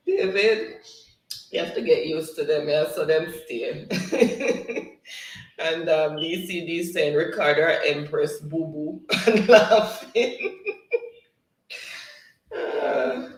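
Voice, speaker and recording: A man's voice: fairly high pitch, expressive, extremely slow, long pauses. A man hosting a casual livestream, reading viewer comments aloud and laughing often between them. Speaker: livestream host. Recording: roomy, distant from the mic.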